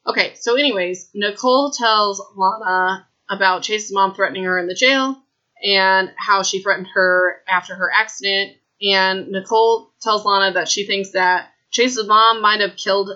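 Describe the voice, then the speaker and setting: A woman hosts a podcast, recapping a book in a chatty, excitable way, often stopping to talk to her listeners. Her voice is bright and forward. The recording sounds a little dull and lo-fi. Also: mid-range voice, normal speed. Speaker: podcast host.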